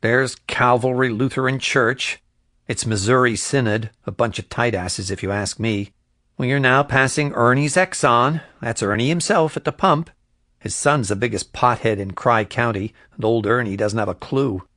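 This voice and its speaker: A man's voice: medium pitch, moderate pace, bright, forceful tone, no room sound, studio quality, natural voice. A man voicing a sarcastic, gossipy young woman from a small town in an audiobook. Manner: snarky, wisecracking.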